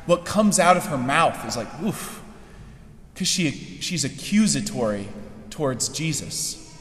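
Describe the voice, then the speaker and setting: A man's voice: fairly high pitch, very animated, measured pace, fairly bright tone, a little hiss or hum. A man preaching a sermon in a conversational way, often checking in with the listeners. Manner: conversational, keeps asking "right?". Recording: echoey hall with long reverb.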